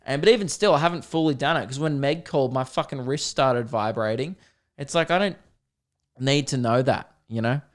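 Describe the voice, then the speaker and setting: A young man hosting a podcast, ranting comically with lots of swearing, laughing and loud exasperated outbursts. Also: medium pitch, fairly quick. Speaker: podcast host. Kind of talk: comedic rant.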